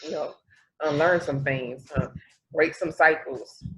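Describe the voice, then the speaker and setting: A woman co-hosting a podcast in casual chat, talking in an animated way and often trailing off and restarting. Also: low-pitched, unhurried, poor audio. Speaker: podcast co-host.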